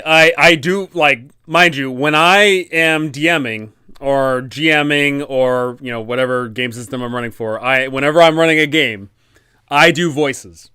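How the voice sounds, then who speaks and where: Smooth-voiced rambling male streamer. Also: on the high side, pushed and bright, no echo, studio quality. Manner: rambling, many restarts and fillers. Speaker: streamer and game master. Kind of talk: casual livestream chat.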